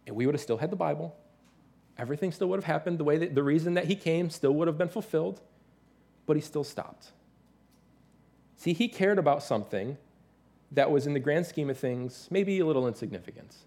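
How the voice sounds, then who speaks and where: A man in his thirties preaching a sermon as pastor, telling stories with lively, animated delivery and playful imitations. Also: fairly high pitch. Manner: animated storytelling, mimics his toddler's excited voice.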